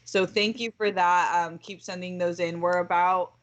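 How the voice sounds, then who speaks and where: A woman's voice: lowish voice, steady tone, moderate pace, dull audio. Upbeat woman hosting a live stream. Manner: upbeat, encouraging, laughs along. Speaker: show host. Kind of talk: casual livestream chat.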